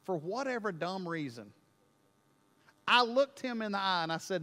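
High voiced guy preaching, animated story, gets loud n emphatic, long hall echo. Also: normal speed, long pauses. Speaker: pastor. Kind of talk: sermon with storytelling.

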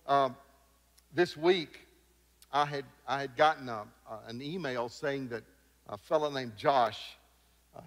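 A man preaching a sermon as pastor, telling stories with emphatic repetition. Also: fairly high pitch. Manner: animated storytelling with emphatic repetition. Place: church sanctuary. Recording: long reverb of a church hall.

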